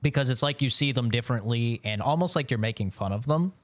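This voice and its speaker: A man's voice: medium pitch, quick pace, no room sound. A man streaming live from home, telling rambling stories in casual chat and swearing often. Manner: loose, rambling storytelling with frequent swearing.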